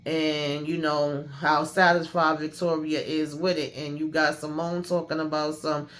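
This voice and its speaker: A woman walks through a TV episode in a casual, animated recap. Her talk is full of slang, and she drops into quick impressions of the characters as she goes. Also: deep voice. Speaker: YouTube TV recap host.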